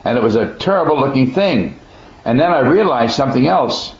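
A man tells a personal testimony in a plainspoken, folksy way, earnest and emphatic, stumbling over and restarting his words. His voice sits at an ordinary middle pitch. The recording is dull and muffled, with a noticeable echo from the room. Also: expressive, a little fast.

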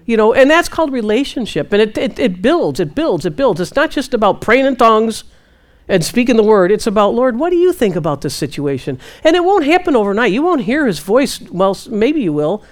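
Animated woman preaching casually. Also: a little fast. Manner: animated, quotes God in hushed low voice. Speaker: Christian minister answering questions. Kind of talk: casual spiritual teaching.

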